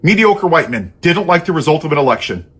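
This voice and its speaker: A man's voice: fairly high pitch, big pitch swings, brisk, fairly bright tone, husky. A man giving an angry, sarcastic political monologue in an impassioned, ranting way. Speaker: political commentator.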